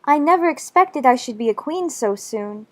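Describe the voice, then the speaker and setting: A woman voicing high, earnest young Alice. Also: lively intonation, normal speed, a little mellow. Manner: earnest, argumentative, slightly prim. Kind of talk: full-cast audiobook acting.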